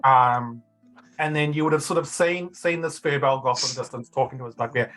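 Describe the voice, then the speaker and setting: A man's voice: medium pitch, fairly quick, fairly bright tone, rough recording. Hesitant male game master, faint music. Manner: hesitant, many fillers and restarts. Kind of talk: narrating a tabletop game.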